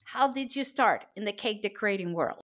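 A woman's voice: mid-range voice, expressive, fairly quick, fairly bright tone. A woman hosting a podcast, asking questions and agreeing eagerly with her guests. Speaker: podcast host. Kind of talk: interviewing.

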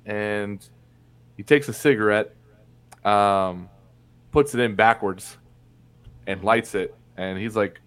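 Low-voiced young man telling a blunt story. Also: steady tone, slow pace, pauses often, fairly bright tone, clear, resonant tone. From Indiana, USA. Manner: candid and blunt, swears freely. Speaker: podcast guest. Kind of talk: casual storytelling in conversation.

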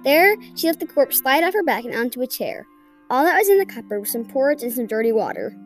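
A woman hosting a podcast reads a ghost story aloud in an earnest, deliberate way. Her voice is high, and quiet music plays faintly underneath. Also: very animated. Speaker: podcast host.

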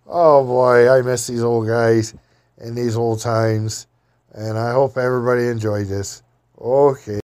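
A man's voice: medium pitch, fairly even intonation, unhurried, darkish tone. A man telling rambling, folksy stories from his past in casual, loose grammar. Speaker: storyteller. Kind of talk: rambling personal storytelling.

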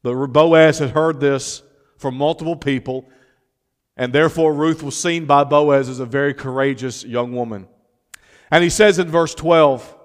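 A man's voice: on the high side, in a large hall. A man pastor preaching a sermon, stretching out key words for emphasis and turning to chat with his congregation. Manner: preaches with emphatic, drawn-out phrases, then talks informally to the congregation.

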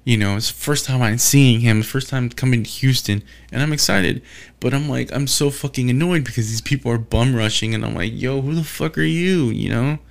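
A man's voice: mid-range voice, fairly quick, gravelly. A man talking alone in a casual, rambling monologue, swearing often and restarting his sentences as he rants. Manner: profane, exasperated ranting with frequent restarts.

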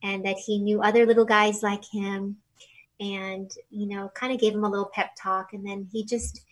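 A woman being interviewed, telling a personal story in a halting, emotional way with many fillers and restarts. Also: medium pitch, steady tone, low-quality recording. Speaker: interview guest.

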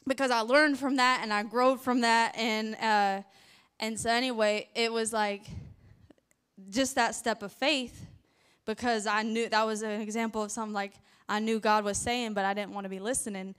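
A woman's voice: a little high, fairly even intonation, moderate pace, a bit bright, clean tone. A woman with a Southern accent telling a faith testimony in a chatty way, full of fillers and restarts. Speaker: ministry worker sharing testimony.

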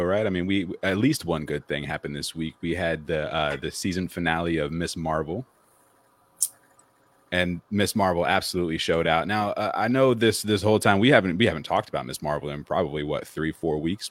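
A man's voice: low-pitched, a little fast, no room sound. A man co-hosting a casual online chat show, teasing the others and moving the talk along, over a video call from indoors. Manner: joking, teasing. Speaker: co-host. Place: indoors in front of a green screen.

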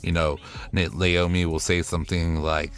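A man's voice: deep voice, level tone, normal speed, faint music behind. A man hosting a podcast recap, ranting in a profane, sassy and exasperated way. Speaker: podcast host recapping a TV show. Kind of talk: casual solo recap rant.

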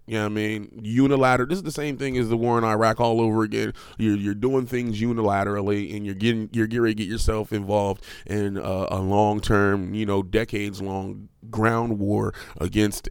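Male podcast host, gravelly, profane ranter jumping from low grumble to shrill outbursts, dry close-mic sound. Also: no echo. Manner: heated, profane, swings from low mutter to high-pitched outbursts. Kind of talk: profane ranting monologue.

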